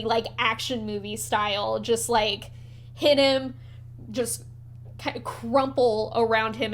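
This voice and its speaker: Animated woman running a tabletop game. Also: a little high. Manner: animated storytelling, swearing. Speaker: game master.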